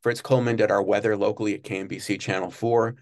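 A man being interviewed, telling long, rambling stories about his work at a TV studio and breaking into quick impressions of people. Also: fairly low pitch. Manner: rambling, many restarts, animated when mimicking others. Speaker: guest recalling work at a TV studio. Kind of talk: casual interview storytelling.

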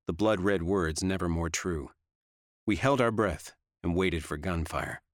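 A man giving steady, measured first-person audiobook narration. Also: low voice, dry recording, studio quality.

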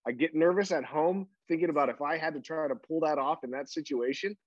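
Man giving steady opinions on a dull line. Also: on the high side, dry recording. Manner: measured, reasoning out his opinion. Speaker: podcast co-host. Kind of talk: casual chat.

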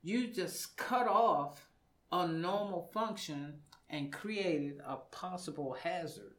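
A man's voice: on the high side, takes it slowly, fairly bright tone. A man, a fitness coach and studio guest, explaining exercise in casual radio talk and repeating words for emphasis.

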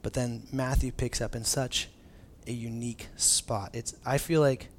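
A man preaching a conversational sermon as a pastor, casual and animated, often restarting phrases and dropping in filler words. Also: mid-range voice, a little slow, slight background noise.

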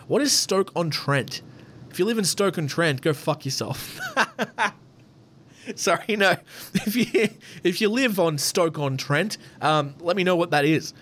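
Swearing freely as he rambles through a casual podcast chat, the male host speaks with a fairly high, a bit bright voice that's animated yet measured in pace.

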